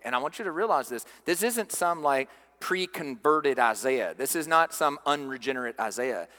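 A man preaching a sermon, swinging from loud emphatic peaks to hushed low passages. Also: expressive, moderate pace, long reverb tail. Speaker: pastor.

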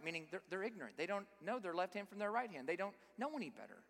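High, lively-voiced preacher in a reverberant hall. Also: male voice, fast, creaky, few pauses. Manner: emphatic, asks the listeners rhetorical questions. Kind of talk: sermon. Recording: long reverb of a large hall.

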